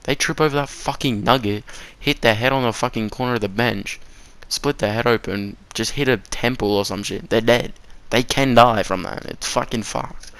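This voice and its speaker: A man's voice: mid-range voice, normal speed, a bit bright, clear, resonant tone. A teenage boy telling a rambling, sweary story about his first work shift, laughing at his own slips. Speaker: vlogger. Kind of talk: casual story time.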